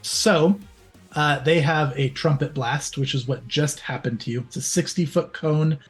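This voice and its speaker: A man's voice: a little high, a little slow. A man running a tabletop game as game master, easygoing and laughing at his own slips, with music in the background.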